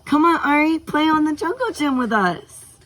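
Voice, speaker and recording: A bouncy little girl squeals in a very high, loud voice, as a man puts her on. She is eager and excitable, a storybook child who cannot keep still. The voice is bright with a touch of gravel underneath. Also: moderate pace, heavily acted. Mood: excited.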